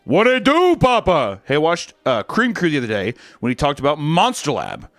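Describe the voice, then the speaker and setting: A man's voice: a little high, huge pitch swings, normal speed, no echo, faint music behind. A young man streaming, reading out fan messages in a crude, joking, sarcastic casual chat.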